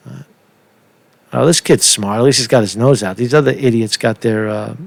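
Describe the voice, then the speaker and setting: A man's voice: mid-range voice, normal speed, creaky, dry recording. A man hosting a casual livestream, rambling and sarcastic, with lots of cursing. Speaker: channel host.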